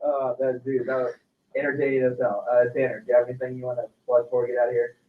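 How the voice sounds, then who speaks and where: A man's voice: mid-range voice, completely flat delivery, distant mic. A podcast host chatting loosely and swearing as he wraps up the show. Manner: fast, loose, swears a lot. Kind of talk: casual chat. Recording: tinny sound from off-mic.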